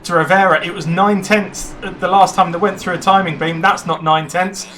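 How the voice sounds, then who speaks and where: A man giving live commentary on a sim race, chatty and excitable when cars overtake. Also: high-pitched, moderate pace, a little hiss or hum.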